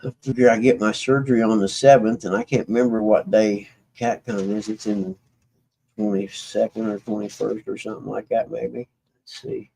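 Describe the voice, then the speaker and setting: Gravelly, low-voiced man rambling on stream. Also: steady tone, normal speed, darkish tone, low-quality recording. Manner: meandering, folksy, trails off and restarts. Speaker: livestream host. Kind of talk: rambling casual chat to viewers.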